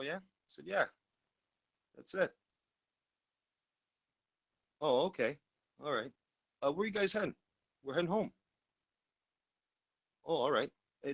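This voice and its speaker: Swearing, bright-voiced man. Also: medium pitch, vocal fry, no room sound, highs cut off. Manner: blunt, swears freely. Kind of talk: casual storytelling chat.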